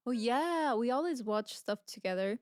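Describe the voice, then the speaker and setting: Young female co-host, fairly high voice, giggly and animated, dry close sound. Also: measured pace, no room sound. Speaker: podcast co-host. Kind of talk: casual chat.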